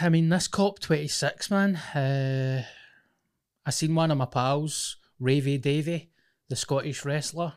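A man's voice: fairly high pitch, measured pace, smooth. A young Glaswegian man co-hosting a podcast, chatting casually with sweary banter and laughter while he has a cold. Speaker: podcast co-host. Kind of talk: casual chat.

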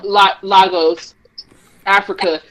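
A woman talking fast and loose on a podcast, swearing freely and slipping into mocking voices mid-rant. Her voice sits in an ordinary middle register for a woman, and it keeps swinging up high when she gets worked up. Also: rough recording. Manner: profane, animated, mimics voices mid-rant. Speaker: podcast co-host. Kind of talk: casual chat.

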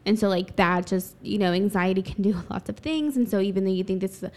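A woman co-hosts a relaxed podcast conversation. She is chatty and teasing, and she explains her points with her own experiences. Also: mid-range voice, fast. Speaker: podcast co-host. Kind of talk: casual chat.

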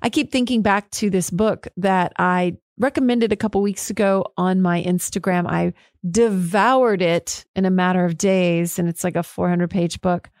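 Hosting her own podcast solo, a woman speaks candidly and frankly in a lowish, slightly mellow voice with fairly even intonation and moderate pace. She gets fired up and swears now and then, in a studio-quality recording with no echo.

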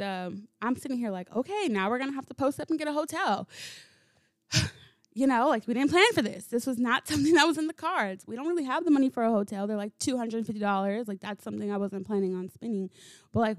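Animated, higher-voiced woman podcast host. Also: fast, no echo, clean studio sound. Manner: animated, swears freely, laughs while telling stories. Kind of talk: casual solo storytelling monologue.

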